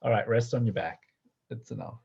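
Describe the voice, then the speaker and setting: Guy leading a movement lesson, husky-ish voice, bounces around in pitch, kinda muffled audio. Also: wildly swooping pitch, brisk. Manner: gentle, playful instructions with frequent laughs. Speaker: movement teacher. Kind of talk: guided movement class.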